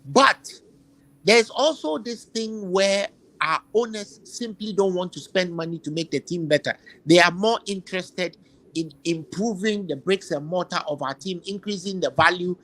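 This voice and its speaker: A man's voice: sits high, moderate pace, bright, forceful tone, rough recording. A man hosting a football chat, giving emphatic opinions and repeating phrases while he searches for words. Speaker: football podcast host.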